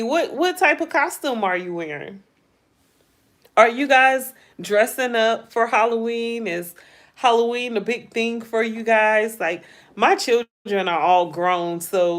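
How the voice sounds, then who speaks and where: A middle-aged woman hosting a casual livestream, chatting with viewers, asking them lots of questions in a playful, drawn-out way. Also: a little high. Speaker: livestream host. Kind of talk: casual livestream chat reading viewer comments.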